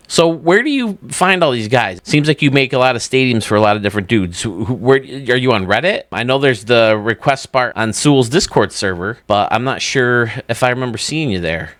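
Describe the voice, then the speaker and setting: A man's voice: medium pitch, a bit bright, no room sound. A man hosting his own channel, chatting casually and enthusiastically while touring video game stadiums, often laughing at himself. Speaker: YouTube host.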